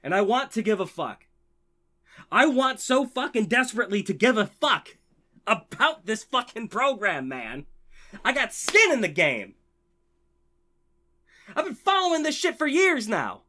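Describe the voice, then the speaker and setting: A man ranting passionately on his own channel, heavily profane and swinging between biting sarcasm and loud, excited enthusiasm. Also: very high voice, a little slow, long pauses. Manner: profane, heated, swings from sarcasm to shouting joy. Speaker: channel host. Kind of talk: impassioned ranting vlog.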